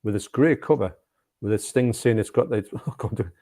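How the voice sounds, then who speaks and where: Man, casual film chat co-host, enthusiastic, laughs a lot, gravelly. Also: fairly low pitch, normal speed, mellow. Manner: enthusiastic, laughs often, restarts sentences.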